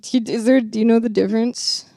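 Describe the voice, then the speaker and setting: A woman's voice: on the high side, steady tone, fast, mellow, no echo, studio quality. A young woman co-hosting a podcast in casual chat, joking and laughing often. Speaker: podcast co-host.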